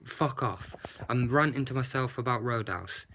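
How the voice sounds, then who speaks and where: Live-streaming a movie review from his phone, a man rants with lots of swearing and rhetorical questions, the handheld camera shaking as he talks. His mid-range voice is bright and forceful at a moderate pace, with a little hiss or hum in the audio.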